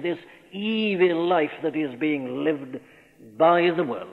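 A man's voice: a little high, animated, slow pace. A man preaching a sermon, earnest and emphatic, posing rhetorical questions, from an old radio broadcast recorded in a church. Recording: old radio broadcast recording in a large hall, thin and phone-like.

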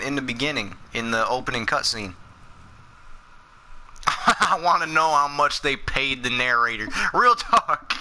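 A young man casually commenting on a fighting game as he streams it, excitable and quick to swear and laugh. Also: medium pitch, slight background noise. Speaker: gaming streamer.

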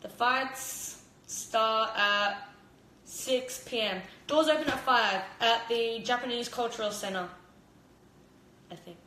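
Her voice on the high side, slow, bright and forceful, a young Australian woman who fights chats casually live from her kitchen through her phone camera. She's rambling and giggly with heavy use of "like," and the audio has roomy kitchen echo and a little hiss or hum.

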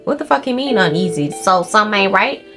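A young woman doing profane, excitable let's play commentary, talking to her viewers as she plays. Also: medium pitch, quick pace. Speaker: gaming creator. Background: game music.

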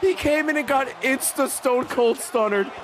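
Male streamer, high voice, hyped, swearing play-by-play, background noise. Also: normal speed. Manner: excitable, swearing play-by-play with bursts of laughter. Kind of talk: live-stream gameplay commentary.

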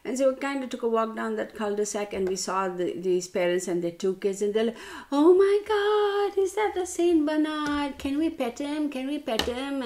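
A woman's voice: fairly low pitch, darkish tone. A woman tarot reader telling a rambling story straight to her viewers, calling them y'all.

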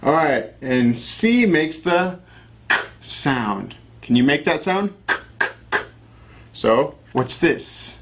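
Animated man teaching kids the alphabet. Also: a little high. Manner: encouraging, sounds out letters slowly for children. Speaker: phonics teacher. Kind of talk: children's alphabet lesson.

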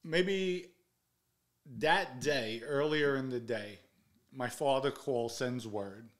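A man's voice: medium pitch, slow pace. A middle-aged man, bluntly telling a story from his past as an interview guest, swearing freely and acting out the people he quotes. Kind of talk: candid storytelling.

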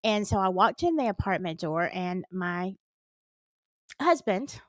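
A woman's voice: mid-range voice, big pitch swings, measured pace, no echo. A middle-aged woman with a Southern US accent, earnestly and dramatically retelling a personal story on her vlog. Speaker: storytime vlogger.

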